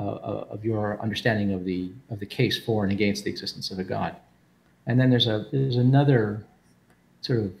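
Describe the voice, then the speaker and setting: Low gravelly man explaining ideas. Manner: thoughtful, with frequent restarts and repeated words. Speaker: speaker explaining philosophy. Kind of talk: casual explanatory talk.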